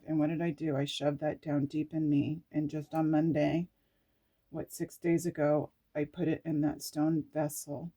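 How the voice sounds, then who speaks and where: Female spiritual vlogger, lowish voice, unhurried, effusive reactions to scripture. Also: warm tone. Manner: emotional, exclamatory, reads scripture aloud and reacts. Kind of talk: reflective spiritual reading.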